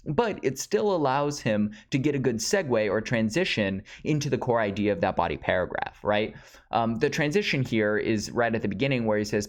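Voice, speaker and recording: A man teaching speech writing in a casual, conversational lecture over slides, with frequent fillers. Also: fairly low pitch. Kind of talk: instructional lecture.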